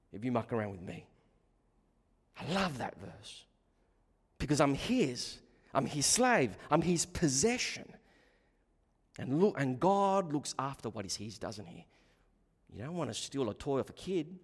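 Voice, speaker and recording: A man preaching a sermon with passion, surging to loud emphatic bursts and dropping to quiet low asides, often repeating words as he restarts a phrase. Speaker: pastor. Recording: long hall reverb.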